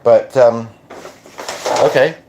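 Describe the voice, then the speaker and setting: Halting Canadian man channeling spirits. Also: mid-range voice, background noise. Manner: hesitant, full of restarts and fillers. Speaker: podcaster and medium. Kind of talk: casual channeling monologue.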